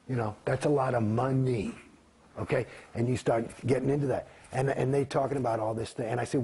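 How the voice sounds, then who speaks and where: A man giving a candid interview in a heated, profane, rambling way, swearing often, in a gravelly, husky voice. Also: steady tone, quick pace. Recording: quiet, low-volume recording.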